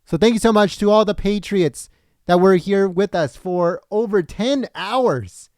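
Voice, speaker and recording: Earnest livestream host, bright and clear. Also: male voice, high-pitched, steady tone, moderate pace, no echo, clean studio sound. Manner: earnest, chatty, addresses viewers directly. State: tired voice after a long stream. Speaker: livestream political commentary host. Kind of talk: casual livestream sign-off.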